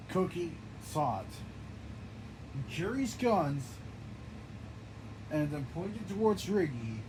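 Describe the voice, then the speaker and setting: A man improvising a game narration in an excitable, stumbling way, often restarting his phrases. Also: fairly high pitch, slow, long pauses. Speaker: gameplay narrator. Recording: noisy background.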